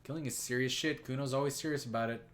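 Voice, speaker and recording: A man's voice: mid-range voice, fairly even intonation, fast talker, close to an everyday voice. A man voicing a brash, foul-mouthed twelve-year-old boy in a video game who refers to himself in the third person. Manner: swaggering, crude, refers to himself by name.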